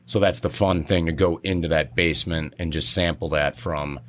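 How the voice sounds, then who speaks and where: A man's voice: rumbling low, steady tone, normal speed, a little hiss or hum. A man who is a guest on a studio podcast, explaining things enthusiastically with frequent restarts. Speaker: distillery guest. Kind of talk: casual interview.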